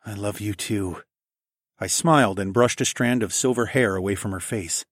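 A man with a low voice narrates an erotic audiobook in a soft, intimate, often hushed tone. The recording is dry and close. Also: a little slow, long pauses, no room sound.

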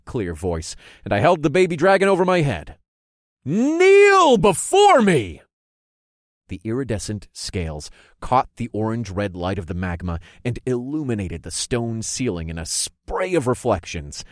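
A man's voice: lowish voice, no room sound, studio quality. A man reading a first-person fantasy story aloud as an audiobook narrator, telling it expressively. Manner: expressive storytelling, voicing characters' lines.

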